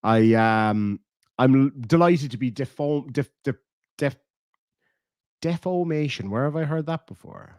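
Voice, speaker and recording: A man's voice: mid-range voice, a little slow, darkish tone, dry recording, clean studio sound. An Irish man streaming, casually chatting and reading out viewer comments, swearing and laughing between rambling asides. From Ireland. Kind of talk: casual live-stream chat.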